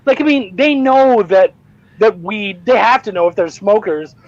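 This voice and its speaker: A man's voice: high-pitched, moderate pace, no room sound. A man hosting a podcast who reacts to his guest with jokes and casual swearing. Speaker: podcast host. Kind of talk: casual chat. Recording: slightly dull lo-fi sound.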